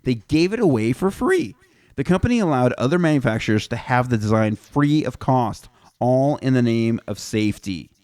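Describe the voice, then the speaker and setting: A man's voice: medium pitch, lively intonation, normal speed, darkish tone, no echo. A man from Canada co-hosting a comedy podcast, reading out facts and breaking off into crude jokes. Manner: reads facts aloud, then riffs with crude jokes. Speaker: podcast co-host presenting the research. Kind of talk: casual comedy podcast chat.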